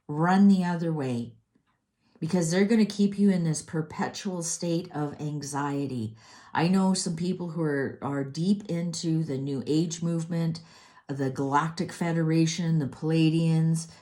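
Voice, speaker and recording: A middle-aged woman with a low, dark voice delivers a tarot reading as an exasperated, heated rant, stopping and restarting often.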